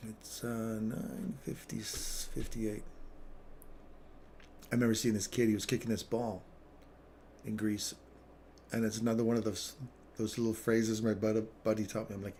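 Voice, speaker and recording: A man's voice: lowish voice, little pitch movement, normal speed, pauses often, dark tone, a little hiss or hum. A man hosting a live trading stream, chatting casually and telling rambling stories with frequent chuckles, then thinking aloud through chart analysis.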